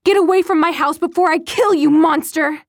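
Woman playing terrified mother, rough strained voice, near screaming, shrill, close dry sound. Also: unhurried, no echo, full character voice. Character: terrified, furious mother shouting through a door.

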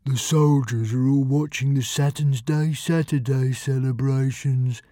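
A man voicing a gloomy, placid caged dragon in a storybook, speaking low, slow and calm. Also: dry recording, studio quality, natural voice. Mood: mild.

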